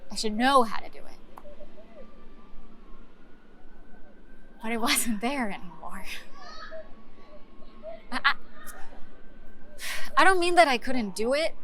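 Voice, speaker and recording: An actress with an American accent performs a filmed monologue as a wry, rueful young woman actor, speaking in halting, confessional bursts with pauses and restarts. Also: on the high side, big pitch swings, pushed and bright, a little hiss or hum, exaggerated voice, poor audio. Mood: unsettled.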